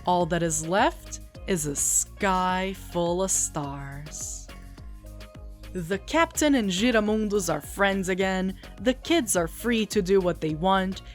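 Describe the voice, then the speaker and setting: Playful, lively woman video host. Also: medium pitch. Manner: playful and animated. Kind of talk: scripted video essay narration.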